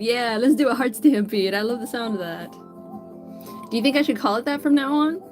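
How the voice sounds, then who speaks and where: A woman's voice: fairly high pitch, brisk, soft background music. A woman artist chatting casually on a livestream while she draws, greeting viewers by name in an upbeat, chatty way. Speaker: digital artist streamer.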